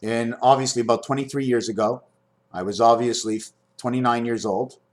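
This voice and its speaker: A man in his fifties rambling through a spiritual monologue to camera, swinging between high loud bursts and low muttering. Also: steady tone, a little fast. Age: 50s. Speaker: vlogger.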